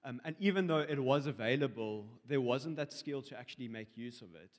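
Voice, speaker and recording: A man's voice: medium pitch, a little fast, big-room sound. A young man sharing a dream in church, telling it in a rambling, hesitant way full of fillers. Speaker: congregation member sharing a dream. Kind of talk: personal testimony in church. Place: church hall.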